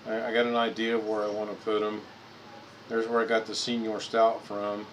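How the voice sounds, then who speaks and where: A man with a slightly low voice chats casually on his own live stream. He rambles and repeats himself while clicking through photos at his computer. A faint hum sits in the background. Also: completely flat delivery, normal speed, rough recording.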